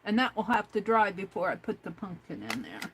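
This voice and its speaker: Very animated and fairly quick, a mid-range female voice carries a crafting livestream where she chats casually, thinks aloud while working, and reads viewers' comments out loud. The low-quality recording has slight background noise.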